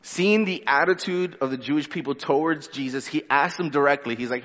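A man's voice: on the high side, fairly quick, fairly bright tone. A man preaching a sermon as pastor, reading scripture and then retelling it in casual, conversational words. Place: church sanctuary. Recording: dull sound with long hall reverb.

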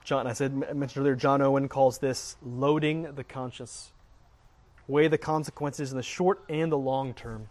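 A man's voice: medium pitch, fairly even intonation, normal speed, darkish tone. A middle-aged man teaching earnestly on faith, often repeating words as he speaks. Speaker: Christian teacher.

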